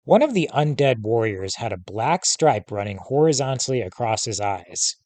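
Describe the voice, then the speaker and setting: Brief: male teacher reading a novel aloud, measured, mid-pitched, dry. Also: big pitch swings, a little mellow, no echo. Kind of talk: storybook narration.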